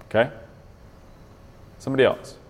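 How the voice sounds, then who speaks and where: A man's voice: normal speed, in a large hall. A man leading a group Bible study, talking conversationally, restarting phrases and often checking in with "right?". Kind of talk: teaching a group discussion.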